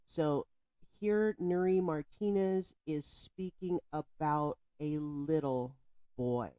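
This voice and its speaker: A woman's voice: low-pitched, takes it slowly, mellow, no room sound. A woman giving indignant, emphatic commentary on a news story, speaking straight to the viewer. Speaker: political commentator.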